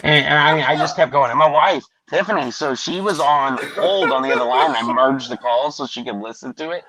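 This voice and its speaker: A man's voice: a little high, fairly quick, over a noisy crowd, poor audio. An American man on a panel show, telling a crude story casually and putting on voices for the people he quotes. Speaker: podcast panelist.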